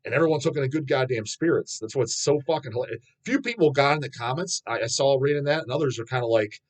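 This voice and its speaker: Blunt, foul-mouthed man in his thirties, lively pitch. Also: fast, rough recording. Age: 30s. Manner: profane, blunt, swears constantly, laughs at himself. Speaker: channel host answering fan questions. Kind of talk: casual rambling monologue.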